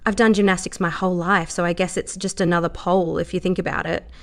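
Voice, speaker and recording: A woman's voice: lowish voice, level tone, fast talker, lightly acted. A woman voicing a cheerful, naive young dancer with a Southern accent, talking in a bubbly, gushing way.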